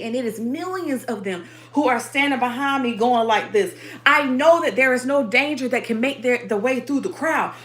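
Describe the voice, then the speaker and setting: Emphatic woman preaching affirmations. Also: on the high side. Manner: emphatic, repetitive affirmations with profanity. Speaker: spiritual livestream host. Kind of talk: motivational spiritual sermon.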